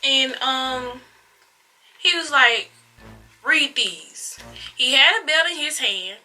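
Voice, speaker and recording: Very bright-voiced young woman telling a story. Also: sits high, expressive, slow pace, soft background music, low-quality recording. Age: young adult. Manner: dramatic retelling with slang and sound effects. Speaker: vlogger. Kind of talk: storytime vlog. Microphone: phone camera.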